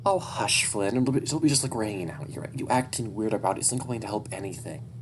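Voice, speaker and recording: A man voicing a scheming, manipulative young woman in a story reading, her voice pitched well above his own. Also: expressive, fast, background noise, natural voice. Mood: bossy.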